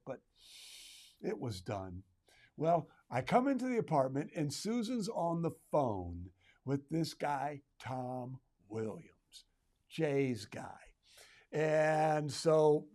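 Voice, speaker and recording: A middle-aged man with a slightly high-pitched voice tells a story from his own retail career. He speaks conversationally, adding humorous asides as he goes. His tone is that of a trainer offering a lesson to fellow retailers. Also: warm tone. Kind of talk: personal story told to retailers.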